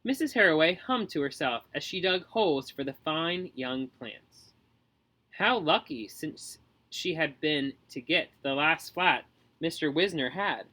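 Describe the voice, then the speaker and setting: A male narrator reading a children's storybook with an expressive, measured delivery. His voice is bright and rather high. Its pitch rises and falls in a lively way. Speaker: audiobook narrator.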